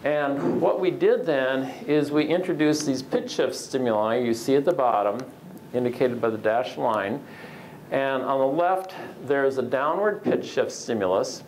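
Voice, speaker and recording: A man giving an academic lecture with slides, measured and explanatory, with frequent "uh" fillers. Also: medium pitch, darkish tone, a little hiss or hum, poor audio.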